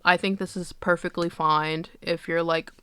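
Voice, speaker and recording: A woman's voice: fairly low pitch, level tone, normal speed, a bit bright, smooth, no echo. A woman giving casual movie reviews in a candid, joking, sarcastic way, with profane asides. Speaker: film reviewer.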